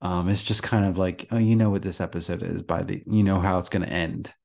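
Podcast co-host, male, low voice, relaxed and chatty, quick to laugh. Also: gravelly. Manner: relaxed, chuckles often, frequent restarts. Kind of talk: casual chat.

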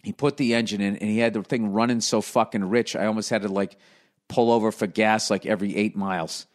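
A man's voice: on the low side, fairly even intonation, brisk. A middle-aged man with a profane, ranting, self-deprecating manner, telling a casual comedic story.

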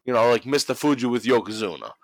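Recapping wrestling on his podcast, a man talks fast in an expressive mid-range voice. The recording is dry and rough, and his story is packed with swearing and laughter as he imitates whoever he's quoting.

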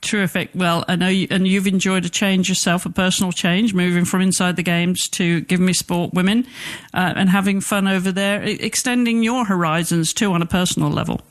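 Man, podcast host, high voice, halting casual talk. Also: steady tone. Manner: halting, restarts words often.

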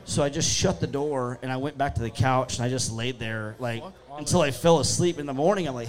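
This casual ghost-story chat features a male guest storyteller at medium pitch, fairly quick and with few pauses. He brings the tales to life by acting out people's words.

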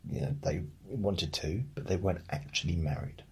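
A man reading a bedtime fairy tale aloud, breaking off for deadpan jokes. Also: deep voice, normal speed, slightly rough, low-quality recording. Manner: deadpan, joking. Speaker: storyteller. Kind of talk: bedtime story reading with comic asides.

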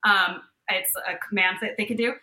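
A woman co-hosting a podcast, telling a story in a casual, animated way and acting out the people in it. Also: mid-range voice, normal speed, echoey room, rough recording. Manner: animated, acts out voices in her stories. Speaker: podcast co-host.

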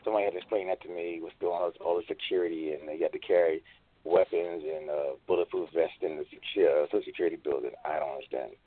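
A man co-hosting a casual online radio talk show, telling a rambling story and breaking into high laughs. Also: steady tone, quick pace. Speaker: co-host. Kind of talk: casual panel chat. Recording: tinny phone-like online call.

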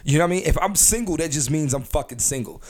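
A man's voice: fairly high pitch, expressive, fast. A young man hosting a casual podcast, brash and profane, rambling with lots of restarts and filler. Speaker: podcast host.

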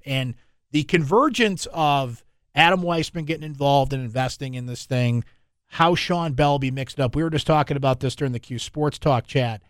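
A man hosting a sports talk radio show, opinionated and conversational with quick asides. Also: medium pitch, no room sound, studio quality. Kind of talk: casual sports talk commentary.

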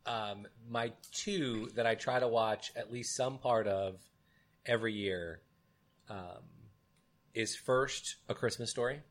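A man's voice: mid-range voice, slow pace. A man co-hosting a podcast in casual chat, rambling with many fillers and animatedly retelling movie scenes. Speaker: podcast co-host.

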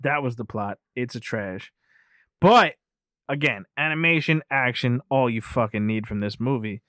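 A podcast co-host with a mid-range, fairly bright voice talks at normal speed in a dry, studio-quality recording. Recapping an anime film in casual chat, he rambles, swears freely, laughs often, and skims past details with "whatever."

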